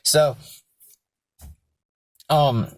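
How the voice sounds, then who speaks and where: A man's voice: on the high side, fairly even intonation, drawn-out words, no room sound. A young man telling his personal backstory in a candid vlog, blunt and rambling, with lots of swearing. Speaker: vlogger.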